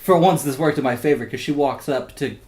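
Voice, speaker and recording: A man's voice: medium pitch, fairly quick, a little mellow. A young man chatting casually on a podcast, telling rambling stories with lots of filler words and swearing. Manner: rambling storyteller, swears, many "like"s.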